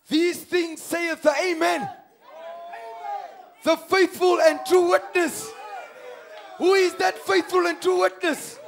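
A man with a strikingly high voice preaches in a church, his delivery swinging between hushed asides and fervent shouts. He presses the congregation with repeated questions. A faint murmur of worshippers sits behind him. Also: creaky, a little hiss or hum. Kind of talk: sermon.

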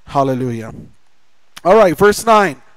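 An American man preaching a sermon as pastor, lively and acting out the voices of people he describes. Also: on the high side, a little slow, no room sound, poor audio.

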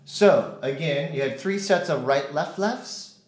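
A man's voice: mid-range voice, animated, measured pace, few pauses, reverberant. A man teaching drums in a casual way, counting out stickings and humming rhythms. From United States. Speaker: drum teacher. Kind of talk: casual instructional talk.

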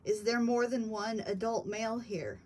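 Give me a husky woman questioning spirits patiently. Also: a little high, fairly even intonation, darkish tone. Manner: slow, patient, coaxing questions. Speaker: paranormal investigator. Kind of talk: questioning spirits in a ghost hunt. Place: house basement.

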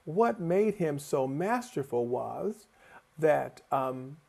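A man gives a conference talk over a video call, telling his stories slowly and with a gravelly edge. His voice sits a little high, and he brings the people he quotes to life as he speaks. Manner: animated storyteller, acting out quoted voices. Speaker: choral conductor and lecturer. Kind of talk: conference lecture with personal storytelling.

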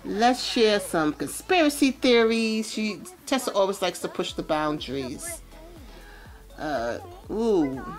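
A woman's voice: medium pitch, very animated, slow pace, faint music behind. A woman giving casual let's-play commentary, chatting about what her game characters feel. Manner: chatty, narrates characters' feelings. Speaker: gameplay commentator.

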